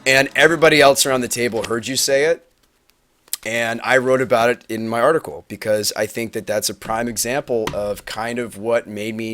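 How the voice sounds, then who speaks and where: A man telling a tournament story on a livestream, rambling and animated, acting out quotes with big swings in his voice. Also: medium pitch. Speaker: Magic player recapping a tournament on a livestream. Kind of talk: casual storytelling to a stream audience. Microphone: webcam mic.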